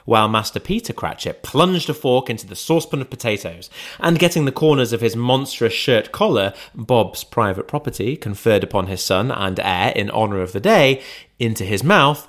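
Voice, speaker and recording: A man reading a classic story aloud in a dramatic, theatrical storytelling style. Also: on the low side. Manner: expressive, theatrical. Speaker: narrator.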